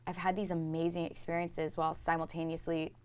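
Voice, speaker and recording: A woman's voice: sits low, level tone, darkish tone, clean tone. Bubbly young woman, chatty guest. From Houston, Texas. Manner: bubbly, chatty, quick to joke and laugh. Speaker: Broadway actress, guest. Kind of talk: casual interview chat.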